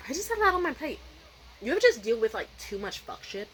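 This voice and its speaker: A young woman vlogging at home at night, telling a story in a profane, animated rant and mimicking other people's voices. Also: high-pitched, fast talker, slight background noise, poor audio. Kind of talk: casual vlog rant.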